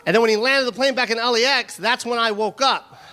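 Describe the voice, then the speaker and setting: Loud, high-pitched male stand-up comedian. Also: fast talker. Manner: loud, animated, shouting punchlines, profane. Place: comedy venue stage before a live audience. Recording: live stage recording with crowd laughter and noise.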